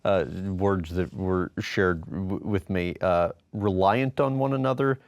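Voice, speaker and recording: A male interviewer asking calm, measured questions. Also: low voice, no echo. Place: guest's studio.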